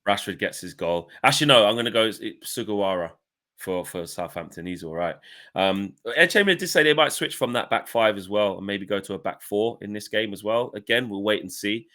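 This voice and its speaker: Man, low pitch, bright forceful voice, casual football chat, animated and swearing. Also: fairly quick. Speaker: fan channel pundit.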